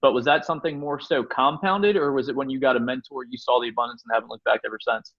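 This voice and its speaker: Fast-talking podcast host man. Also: mid-range voice, fairly bright tone, lo-fi sound. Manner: probing, conversational. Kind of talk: interview questions.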